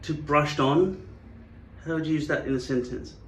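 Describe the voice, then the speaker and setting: A man's voice: fairly high pitch, steady tone, moderate pace, reverberant, a little hiss or hum. A man hosting a vlog, musing and digressing wryly as he works. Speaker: channel host. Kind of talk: rambling vlog monologue.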